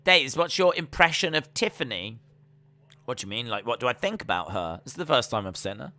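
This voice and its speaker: Chatty man with a bright voice. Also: mid-range voice, very animated, a little fast, no echo. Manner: chatty, reads out viewer comments and jokes. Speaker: live stream host. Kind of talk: casual wrestling watch-along chat.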